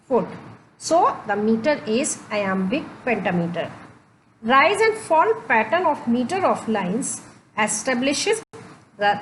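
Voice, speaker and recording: Slow, lively-pitched woman teaching poetry. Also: a little hiss or hum. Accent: Indian English. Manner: repeats and restates points, deliberate stepwise explanation. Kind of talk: slow classroom lecture on poetry.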